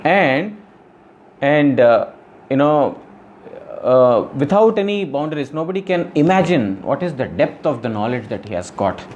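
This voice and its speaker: A man teaching scripture in a devotional lecture, his voice sitting at an ordinary middle pitch. He explains earnestly, circling back over his phrases and leaning on "you know". A light hiss sits faintly under the recording. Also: very animated, measured pace, darkish tone, muffled recording. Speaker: spiritual teacher.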